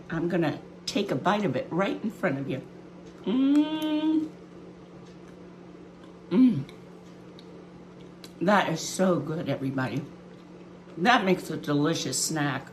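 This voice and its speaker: A woman's voice: fairly low pitch, slight background noise. A woman hosting a children's cooking show from her kitchen, chatting homily to the kids with plenty of ums as she demonstrates. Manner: chatty, homey, talks straight to kids with many ums. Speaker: library cooking show host. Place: home kitchen.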